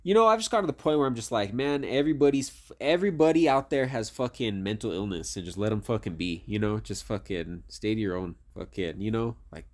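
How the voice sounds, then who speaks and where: A man's voice: on the low side, lively intonation, quick pace, hardly any pauses, darkish tone. A man co-hosting a podcast in casual chat, talking in a laid-back, profane way. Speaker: podcast co-host.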